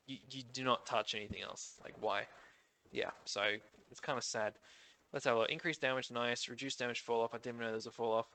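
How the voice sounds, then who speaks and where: Nasal Australian man, bright voice. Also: mid-range voice, vocal fry, slight background noise. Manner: chatty, rambling, thinks aloud. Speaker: gaming YouTuber. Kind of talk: casual commentary on update notes.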